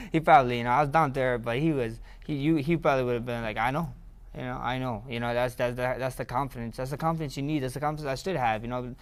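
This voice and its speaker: Excitable man telling stories. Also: medium pitch, quick pace, few pauses, clear, resonant tone. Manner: rambling, repeats words, grows excited and loud. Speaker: interview guest, fighter. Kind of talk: casual storytelling interview.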